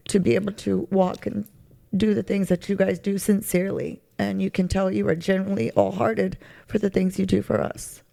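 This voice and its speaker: Woman, testimony interview: gravelly, dark tone, halting and emotional. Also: medium pitch. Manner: halting, searching for words, many fillers. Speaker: charity recipient sharing her testimony. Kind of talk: heartfelt personal testimony.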